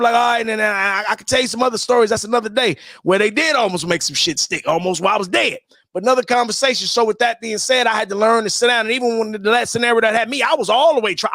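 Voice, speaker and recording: Man, high-pitched, bright, profane preachy rant, repetitive, dry sound. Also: dry recording. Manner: preachy, profane, repeats himself. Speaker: commentary streamer. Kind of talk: profane ranting commentary.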